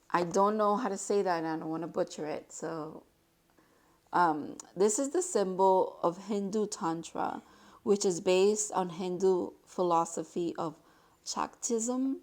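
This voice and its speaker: A woman with a fairly low voice gives a casual tarot reading to her viewers. She is excitable and gushing, exclaiming often, and slows to a softer tone when she reads card text aloud. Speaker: tarot reader.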